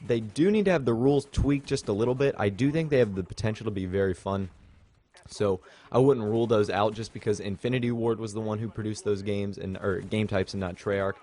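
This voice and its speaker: This young man's lowish, darkish voice moves briskly as he narrates his gameplay footage for his channel. As host, he rambles in a relaxed, chatty way full of fillers, sharing his thoughts with viewers.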